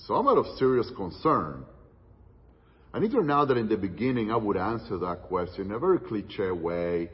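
A man preaching a sermon, telling a story with dramatic pauses and dropping to hushed tones for quoted words. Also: fairly low pitch, big pitch swings, husky. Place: church hall. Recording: distant, muffled church hall recording with long reverb.

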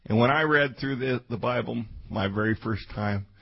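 Husky-voiced man preaching a sermon. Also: medium pitch, normal speed. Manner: dramatic swings between loud outbursts and quiet asides. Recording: dull lo-fi sermon recording.

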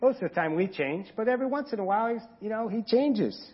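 Husky man preaching conversationally. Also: animated, fast, lo-fi sound. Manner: conversational, acts out quoted voices with rising pitch and volume. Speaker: pastor. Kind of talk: sermon.

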